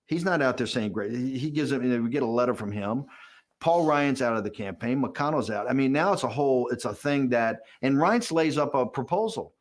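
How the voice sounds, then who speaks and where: A man gives an interview, recounting a behind-the-scenes episode. He talks in an animated, storytelling way, often restarting his sentences and repeating words as he goes. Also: medium pitch. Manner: rapid, animated storyteller, acting out quotes and chuckling. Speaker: interviewee, political strategist.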